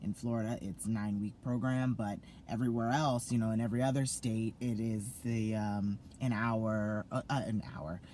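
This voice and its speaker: A man's voice: lowish voice, steady tone, normal speed, few pauses, warm tone, a little hiss or hum. A young man vlogging to his viewers, gushing and effusive, full of fillers and restarts. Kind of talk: excited casual vlog to camera.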